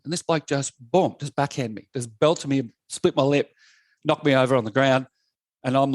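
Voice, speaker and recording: Australian man in his fifties, fast blunt talker, animated storyteller, swears a lot, dry close sound. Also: medium pitch, no echo. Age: 50s. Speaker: podcast guest, coach. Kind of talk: casual podcast chat.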